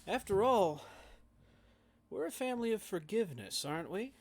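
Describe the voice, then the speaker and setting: A man voicing a sly, menacing family man in a tabletop game, keeping his voice low and falsely soothing. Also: very animated, normal speed, full character voice.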